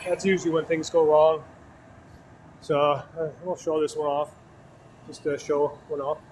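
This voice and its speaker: A man from Wisconsin with a Wisconsin accent talks casually as he works at glassblowing. His voice sits a little on the high side. He is relaxed and laughs easily between remarks. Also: measured pace, slight background noise. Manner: relaxed, laughs often, chats while working. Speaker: glassblower streaming his work. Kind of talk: casual livestream chat while working. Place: glassblowing studio.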